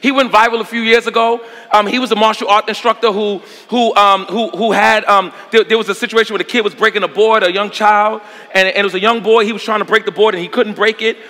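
A man's voice: high-pitched, steady tone, quick pace, few pauses, sharp tone, long reverb tail. A male pastor preaching a sermon, with emphatic delivery and call-and-response to the congregation.

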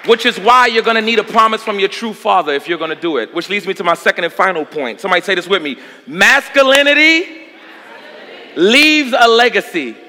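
A man's voice: high-pitched, rapid-fire, few pauses, bright, forceful tone. Male pastor, sermon, emphatic call-and-response, long hall reverb.

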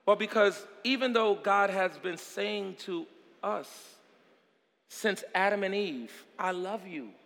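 A man preaching a sermon with drama, repeating phrases and swinging from hushed words to shouting. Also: high voice, takes it slowly, vocal fry, long reverb tail.

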